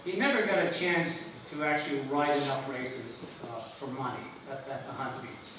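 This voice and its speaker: A man's voice: mid-range voice, steady tone, normal speed. A former jockey giving a rambling, anecdotal memorial speech, laughing through his stories. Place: memorial service venue. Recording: echoey hall, mic from far off, noisy.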